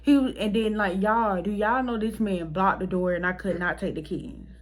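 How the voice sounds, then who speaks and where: Young woman, mid-pitched voice, storytime vlogger, casual chat, animated, emotional, swears, talks to viewers. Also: moderate pace.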